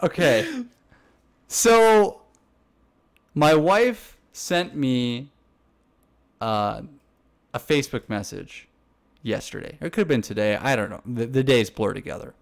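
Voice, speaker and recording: A man's voice: mid-range voice, big pitch swings, slow pace, creaky, long pauses. A young man co-hosting a casual chat, telling a story in a rambling, laughing way full of restarts. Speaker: podcast co-host.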